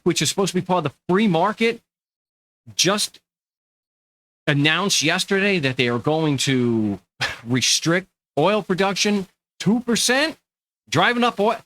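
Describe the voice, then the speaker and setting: A man's voice: a little high, a little slow, pauses often, poor audio. A middle-aged man with a Long Island New York accent, hosting his own channel in a rambling, sarcastic monologue. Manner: animated, sarcastic, rambling with restarts. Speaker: podcast host. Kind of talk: casual monologue to camera.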